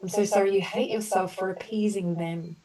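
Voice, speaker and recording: Soothing woman coach, mellow and distant. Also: medium pitch, fairly even intonation. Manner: slow, soothing repeated apologies, then loose chatty explaining. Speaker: voice coach leading an online group session. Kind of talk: guided emotional healing session.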